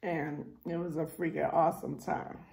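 A woman with a New York accent, telling animated family stories in a casual storytime vlog. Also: low voice, moderate pace, gravelly. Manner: animated storyteller acting out voices.

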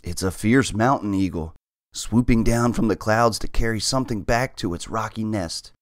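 A man's voice: lowish voice, normal speed, no echo, clean studio sound, natural voice. A man voicing a fearful young female cat in a storybook, gloomy and dramatic about every danger. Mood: dramatic dread.

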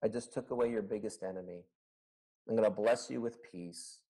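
A man's voice: fairly low pitch, moderate pace, warm tone, rough recording. A man teaching a Bible study as a pastor, earnest and conversational, asking his listeners rhetorical questions, recorded over an online video call.

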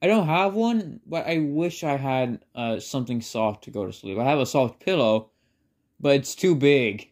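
A man's voice: medium pitch, expressive, moderate pace, a little mellow. A man casually telling a made-up fan story, rambling with lots of filler words and self-conscious asides.

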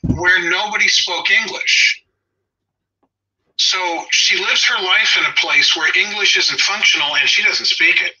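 A man's voice: high-pitched, a little slow, sharp tone, breathy edge. A man in his sixties with a Southern Californian accent, a dog trainer talking in a casual chat, opinionated and wry, drifting into side stories. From Los Angeles. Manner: opinionated, wry, digressive storyteller. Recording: dull lo-fi audio.

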